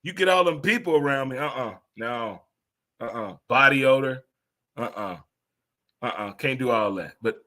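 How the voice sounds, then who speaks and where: A man in his fifties riffs through a casual sports talk monologue in a bright, forceful voice. He rambles and exclaims, jumping into sudden high-pitched outbursts. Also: moderate pace. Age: 50s.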